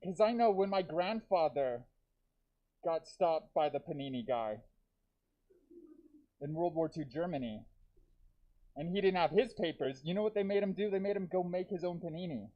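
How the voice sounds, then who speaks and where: Stand-up comic, male, slightly high voice, dark deadpan delivery with wry asides, muffled by a deer mask. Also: normal speed, long pauses. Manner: dark deadpan jokes with self-aware asides to the crowd. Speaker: stand-up comedian. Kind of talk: live stand-up set. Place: comedy theater stage. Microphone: talking through a deer mask.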